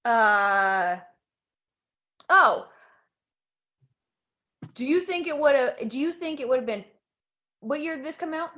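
A woman co-hosts a casual podcast chat. Her voice sits a little high, and she chimes in with quick jokes and asides. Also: animated, sharp tone. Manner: joking asides and quick quips. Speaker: podcast co-host.

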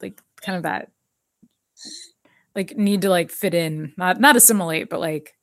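A woman's voice: on the low side, moderate pace, fairly bright tone, no echo. Female co-host, casual and rambling, reads text aloud; dry, close recording. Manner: chatty, many fillers, reads an article aloud. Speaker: podcast co-host. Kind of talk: casual chat recapping a TV episode.

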